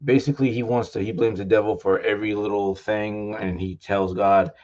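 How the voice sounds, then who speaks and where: A man with a lowish voice talks loosely about his book, stringing his thoughts together with "like" at every turn. His talk is excitable and casual. The sound is dull and lo-fi, from a live festival recording. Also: fairly quick. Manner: rambling, loaded with "like"; excitable, thanks the crowd warmly. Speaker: author.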